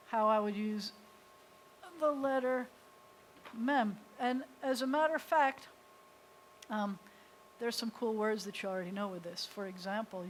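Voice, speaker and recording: A woman's voice: medium pitch, a little hiss or hum, low-quality recording. Woman rabbi teaching a beginners' class. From United States. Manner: patient, explains step by step, sounds out letters. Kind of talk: live class instruction. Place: synagogue classroom.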